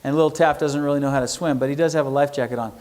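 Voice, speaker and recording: Middle-aged male speaker, slightly high voice, folksy lecture style with audience questions. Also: fairly even intonation, very fast, darkish tone. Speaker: entrepreneur speaker. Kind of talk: lecture to students. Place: university lecture hall.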